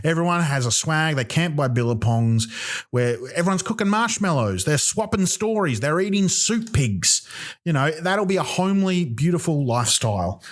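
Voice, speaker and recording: A man's voice: fairly high pitch, lively intonation, moderate pace. A man hosting a comedy podcast, delivering a profane, rambling solo rant with many ums and restarts. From Australia.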